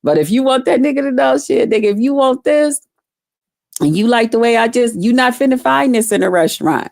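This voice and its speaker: A woman's voice: fairly high pitch, expressive, a little fast, vocal fry, a little mellow, dry recording, clean studio sound. A woman vlogging to camera, telling stories bluntly and with plenty of swearing while chatting with live viewers. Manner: blunt, salty, talks straight to viewers. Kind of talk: casual profane storytelling to camera.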